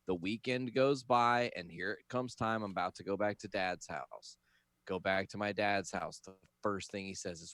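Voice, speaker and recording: A man co-hosting a podcast, telling a story in casual chat and getting loud and excited when he is worked up. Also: lowish voice, moderate pace, dry recording. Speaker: podcast co-host.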